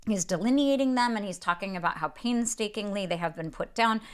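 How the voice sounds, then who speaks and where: A woman hosts a book podcast at an ordinary mid pitch. She explains a novel in a thoughtful, unscripted way, often restarting her sentences as she works through an idea. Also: a little fast, clean tone. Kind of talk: casual literary talk with read-aloud passages.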